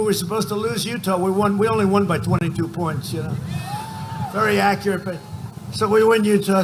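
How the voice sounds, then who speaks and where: A man in his seventies giving a boastful, rambling rally speech, often shouting numbers to the crowd. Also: high voice, background noise. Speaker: political speaker at a campaign rally. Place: large outdoor rally.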